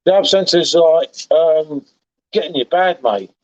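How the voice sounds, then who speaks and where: Brief: high-pitched man, tipsy, rambling and matey, dull lo-fi stream audio. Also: a little slow, a little mellow. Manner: matey, repeats himself, says "mate" a lot. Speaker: livestream host. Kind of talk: casual chat.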